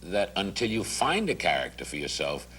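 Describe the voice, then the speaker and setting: A man's voice: low-pitched, huge pitch swings, normal speed, fairly bright tone, slight background noise. An older man hosting a comedy talk show, bantering and questioning his guest in a showbiz manner.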